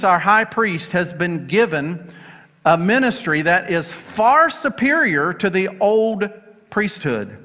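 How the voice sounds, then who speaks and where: A man's voice: sits high, pushed and bright. A man preaching a sermon, retelling scripture with rhetorical questions and frequent fillers. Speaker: pastor. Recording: long reverb of a hall.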